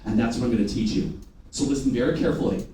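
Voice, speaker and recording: A man's voice: mid-range voice, very fast, warm tone. A man leading a live sales training seminar, drilling an audience in call-and-response and teasing them with jokes. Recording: very echoey room, mic at a distance.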